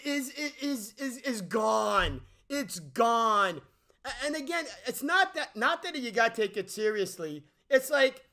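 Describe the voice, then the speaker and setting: A man's voice: very high voice, sharp tone. A man giving an unscripted movie review rant, exasperated and profane, often stammering and restarting his sentences, with mocking sarcastic asides.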